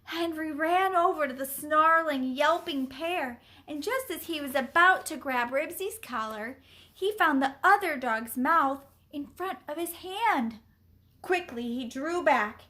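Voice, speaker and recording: Slow bright-voiced woman reading a children's story. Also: sits high. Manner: expressive, deliberate. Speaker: story reader. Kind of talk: children's book read-aloud.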